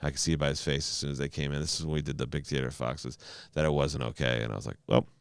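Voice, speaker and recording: Male stand-up comic guest, very low voice, smooth and clean, dry close mic, rambling animated anecdotes with swearing. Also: very fast, dry recording. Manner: animated storyteller, stammering restarts, frequent swearing. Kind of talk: casual podcast storytelling.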